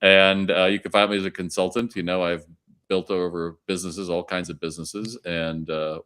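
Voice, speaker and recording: This middle-aged man's voice sits low and clean, moving at an ordinary speed. A retail consultant who also gives keynotes, he's a guest on a podcast, bringing his anecdotes to life by performing the back-and-forth of shop conversations.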